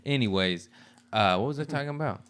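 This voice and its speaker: A man's voice: mid-range voice, lively intonation, brisk, a bit bright, clear, resonant tone. A man in crude, profane comic banter, teasing and laughing often.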